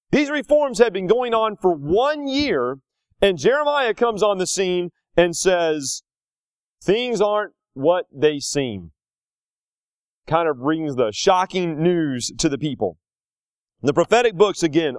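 A man preaching a sermon, his fairly high voice swooping up and down as he tells the story. He talks in a folksy, animated way and slips in little acted asides. The sound is close and dry, with no room around it. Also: dry recording. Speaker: pastor.

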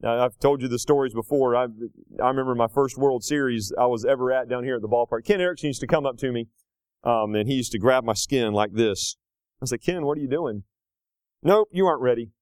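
A man in his thirties preaching a sermon, rising to loud, slow emphatic lines and dropping to quiet, casual asides. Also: smooth, no room sound. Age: 30s. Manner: swings between loud emphatic peaks and low conversational asides; slows down hard on key phrases.

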